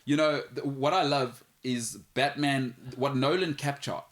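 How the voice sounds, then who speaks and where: A man's voice: mid-range voice, measured pace, fairly bright tone. A man co-hosting, chatting casually and poking fun at himself. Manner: joking, self-mocking banter. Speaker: co-host. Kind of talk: casual chat.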